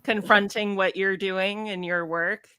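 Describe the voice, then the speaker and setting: A woman's voice: medium pitch, fairly even intonation, unhurried, pushed and bright, smooth, no echo. A woman hosting a casual panel chat, enthusiastic and encouraging toward her guests. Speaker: podcast host.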